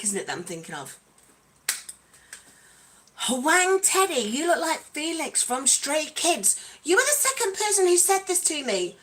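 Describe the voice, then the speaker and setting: A woman's voice: high-pitched, fairly bright tone. A woman hosting a casual livestream, chatty and bubbly, calling out her viewers by name. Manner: playful, breaks into song. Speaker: livestream host.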